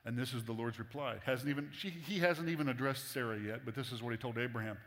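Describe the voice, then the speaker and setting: A male pastor preaching in a relaxed, joking, conversational tone. His voice sits at an ordinary pitch and carries a long reverb from the church hall. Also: quick pace, hardly any pauses. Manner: casual, humorous, conversational. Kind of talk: sermon.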